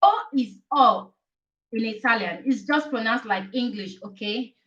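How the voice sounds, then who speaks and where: A woman's voice: on the high side, measured pace, a bit bright. A woman teaching the alphabet in a casual live stream, chatty and repetitive, often checking in with "okay?". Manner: chatty, repeats letters, asks "okay?" often. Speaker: Italian teacher. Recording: distant dull live-stream audio.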